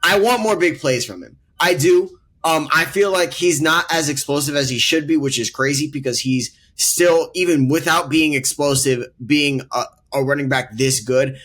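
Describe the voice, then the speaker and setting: A man's voice: on the high side, normal speed, hardly any pauses, fairly bright tone. A man co-hosting a casual sports debate podcast, earnestly laying out his rankings with emphatic repetition. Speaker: podcast co-host.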